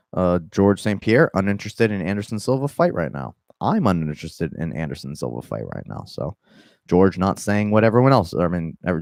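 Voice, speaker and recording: A young man with a Southern accent talks casually about fighting news, in loose, profane bursts full of restarts and asides. His voice sits low, and the recording is dry and close. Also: darkish tone, no echo. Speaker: MMA podcast host. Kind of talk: casual commentary.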